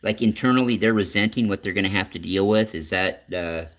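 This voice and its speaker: A man's voice: on the low side, fairly quick, fairly bright tone. A man hosting a casual talk show, asking long rambling questions that restart and drift, with some swearing. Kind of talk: casual interview chat.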